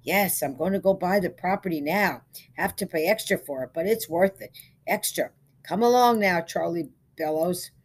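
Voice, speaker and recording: A woman reading the part of a confused, gentle middle-aged eccentric man who speaks haltingly and repeats himself. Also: lowish voice, slightly rough. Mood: quiet. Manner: halting, pleading, repeats words.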